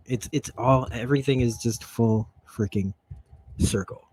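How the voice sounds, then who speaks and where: A man's voice: mid-range voice, measured pace, a little mellow, breathy edge. A man in a rambling, stream-of-consciousness TV recap, talking enthusiastically with frequent laughs. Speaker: host. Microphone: streaming setup mic.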